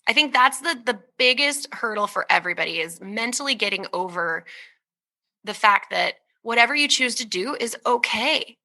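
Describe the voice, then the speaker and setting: Energetic woman in her thirties, guest author giving an interview; very bright, expressive voice, quick to laugh. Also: fairly high pitch. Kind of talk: conversational interview talk.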